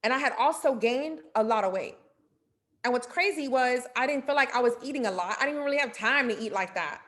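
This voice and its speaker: Animated woman mentor, slightly high voice. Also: fast. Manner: animated and playful, acting out inner dialogue; casual, direct, addresses listeners. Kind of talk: motivational mentorship talk.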